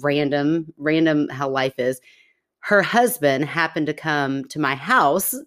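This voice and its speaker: A woman with a slightly low voice chats casually as a podcast co-host. She tells her story in an animated way and breaks into laughter often. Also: slow pace. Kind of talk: casual chat.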